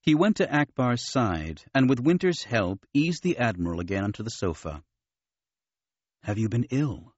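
A man narrating an audiobook with steady, expressive storytelling. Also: mid-range voice, normal speed, few pauses, no room sound. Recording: dull, dry studio recording.

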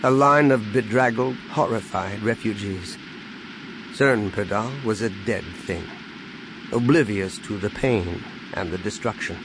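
A man reading a science-fiction novel aloud in measured scripted narration. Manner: measured, dropping low on sad lines. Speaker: audiobook narrator. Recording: steady background noise.

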